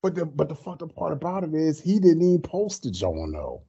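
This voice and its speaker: A man's voice: fairly high pitch, huge pitch swings, brisk, dark tone, husky. A man co-hosting a podcast, talking in a laid-back, slangy way. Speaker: podcast co-host. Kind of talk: casual podcast chat. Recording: dull lo-fi sound.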